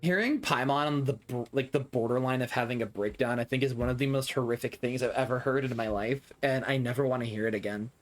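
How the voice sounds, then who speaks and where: A man's voice: mid-range voice, fast, few pauses. A young man streaming a video game live, reacting with dramatic, whiny, self-mocking commentary.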